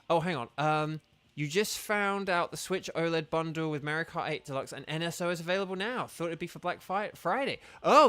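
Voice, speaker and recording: A man's voice: a little high, fairly bright tone, no room sound. A man chatting casually with viewers during a live game stream, rambling and organizing who plays next.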